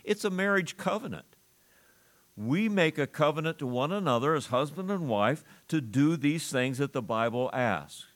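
A man preaching a sermon to a congregation, earnest, with pauses, restarts and emphatic rises on key lines. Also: a little high, lively intonation. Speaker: pastor.

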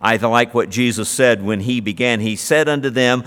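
Preacher with a long hall echo. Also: male voice, fairly high pitch, animated, normal speed, few pauses, a bit bright. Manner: conversational preaching with rhetorical questions. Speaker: pastor. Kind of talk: sermon.

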